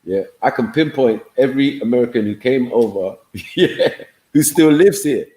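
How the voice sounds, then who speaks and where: A man's voice: medium pitch, animated, normal speed, mellow, echoey room, poor audio. A man, chatting easygoing on a live online panel and often asking "you get me.". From England.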